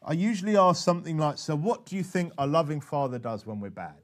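Chatty man teaching, slightly high voice. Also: fast. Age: adult father. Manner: animated and chatty, with frequent restarts. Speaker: preacher teaching soul-winning. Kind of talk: conversational teaching talk.

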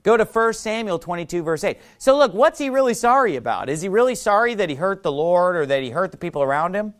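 A male preacher teaching from the Bible in a sermon, reading scripture aloud and asking the audience questions. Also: fairly high pitch.

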